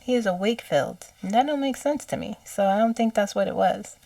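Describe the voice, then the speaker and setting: Halting woman recounting messages, slightly distant. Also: mid-range voice, gravelly, warm tone, dry recording. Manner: halting, with many fillers and quoted speech. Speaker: psychic channeler. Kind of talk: casual spoken recounting of a channeled message.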